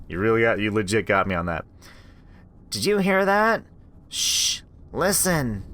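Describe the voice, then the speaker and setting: A man reading a horror visual novel aloud, reacting and joking between lines, into a desktop microphone. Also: mid-range voice. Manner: expressive, reacts aloud, swears. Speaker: let's play host.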